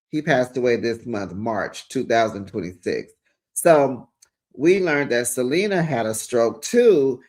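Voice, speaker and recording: A man hosting a casual reality TV recap, sassy and animated, talking straight to his viewers. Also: medium pitch.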